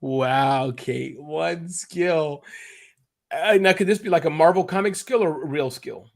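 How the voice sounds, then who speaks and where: A man chats as an interview guest. He rambles and gets emotional as he goes, and his voice stays animated throughout. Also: a little high, unhurried, creaky. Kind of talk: casual interview chat.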